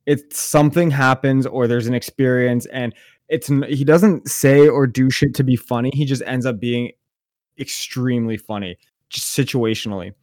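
A man, co-hosting a podcast, telling stories in a jokey, animated way. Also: medium pitch, moderate pace, no echo, clean studio sound. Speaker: podcast co-host. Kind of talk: casual storytelling chat.

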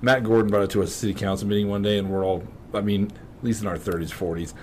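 A man's voice: lowish voice, fairly even intonation, quick pace, slight background noise. A man in his forties co-hosting a podcast, chatting casually in a rambling, self-deprecating, joking way. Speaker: podcast co-host. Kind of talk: casual chat.

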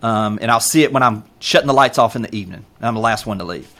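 A man's voice: medium pitch, fast talker. A man with a Southern US accent, talking earnestly and with feeling as a podcast guest, full of fillers and pep-talk lines. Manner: earnest, animated storyteller with many fillers. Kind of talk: casual interview chat.

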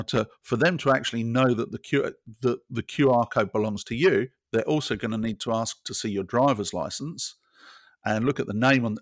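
A man's voice: mid-range voice, fairly bright tone, no room sound, studio quality. A British man talking as a technology guest, explaining scenarios step by step in casual conversation. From Britain. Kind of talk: casual interview chat.

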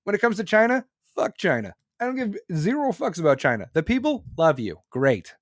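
A man's voice: high-pitched, very animated, a little fast, no room sound, clean studio sound. A male podcast host ranting about politics in a blunt, profane, heated way. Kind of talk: opinionated political rant.

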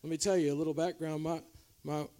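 A man preaching a revival sermon as a pastor, swinging between loud exhortation and quiet, confessional asides to the congregation. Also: little pitch movement, fast. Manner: preaching with shifting loudness, from shouting highs to quiet confessional lows. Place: church revival service.

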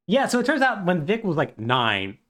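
On a podcast, a male co-host with a high, fairly bright voice and huge swings in pitch sarcastically recaps a video game's plot at a normal speed. He is wry in the casual chat and acts out the characters' lines.

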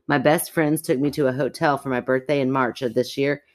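A woman co-hosting a podcast, reading a listener's story aloud in an animated, chatty way and breaking off to react. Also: extremely low pitch, brisk. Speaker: podcast co-host.

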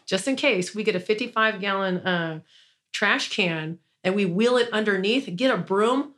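A woman's voice: mid-range voice, measured pace, fairly bright tone. Woman, business owner, interview guest; loose rambling storyteller, indignant undertone. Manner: rambling, frequent "like" and restarts, indignant.

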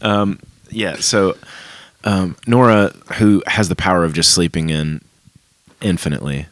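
A man hosting a casual podcast, telling stories with animated swings up into a high voice for emphasis. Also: a little slow, dry recording. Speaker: podcast host.

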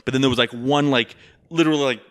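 A man's voice: medium pitch, fairly even intonation, fast, fairly bright tone, dry recording. A young man telling a rambling story in casual chat, full of fillers and swearing. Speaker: rideshare driver.

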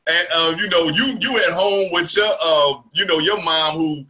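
A man's voice: fairly high pitch, moderate pace, pushed and bright. A male comedian hosting a casual chat, telling loose slangy stories and laughing often. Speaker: comedian and podcast host.

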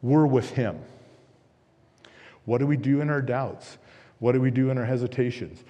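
A male pastor delivers an emphatic sermon, building repeated phrases and asking rhetorical questions. His voice is warm and mellow at an ordinary pitch. It rings out with the long reverb of a church hall. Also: moderate pace. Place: church sanctuary.

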